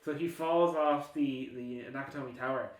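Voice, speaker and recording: A man's voice: medium pitch, fairly even intonation, normal speed, far from the mic. A man hosting a casual film podcast, rambling and laughing as he talks. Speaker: podcast host. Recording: echoey room, off-mic.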